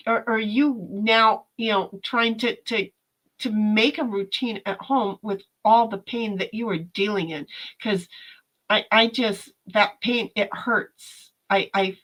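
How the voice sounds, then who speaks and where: A woman's voice: a little high, expressive, unhurried, a bit bright, poor audio. A woman hosting a casual livestream from home, talking earnestly to her chat and reading out their comments, often repeating words as she gathers her thoughts, and swearing now and then. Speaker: livestream host.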